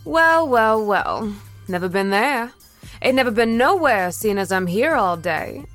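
Woman putting on a gruff old southern man. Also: on the high side, animated, a little slow, a bit bright, faint music behind. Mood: teasing. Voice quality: growling, southern drawl. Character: gruff older man, smoking, teasing neighbor.

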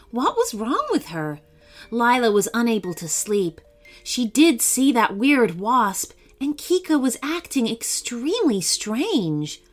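A woman narrating a children's story in a slow, expressive and dramatic reading. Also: mid-range voice.

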